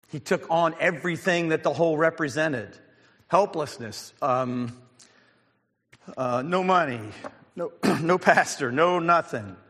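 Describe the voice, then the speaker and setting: A man preaching a sermon as a pastor, telling stories with fillers, restarts and an occasional clearing of the throat. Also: a little high, fairly bright tone, in a large hall.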